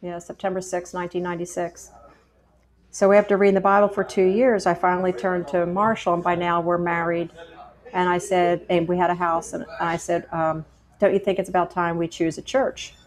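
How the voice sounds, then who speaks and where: A middle-aged woman recounts her story to interviewers in a casual, chatty way. Her voice sits a little low for a woman, and she brings the conversations she remembers to life as she tells them. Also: moderate pace. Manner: chatty, animated retelling with quoted dialogue. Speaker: guest sharing her testimony.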